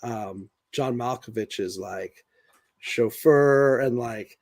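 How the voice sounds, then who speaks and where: A man from the United States in casual podcast chat, full of fillers like "like", who tells stories with quick laughs. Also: medium pitch, darkish tone, no echo. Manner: chatty, many fillers like "like", laughs while telling stories.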